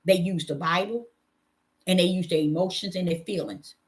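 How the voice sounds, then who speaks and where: A woman's voice: on the low side, normal speed. Woman preacher, impassioned and emphatic, scolding her listeners with heavy repetition. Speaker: self-styled preacher.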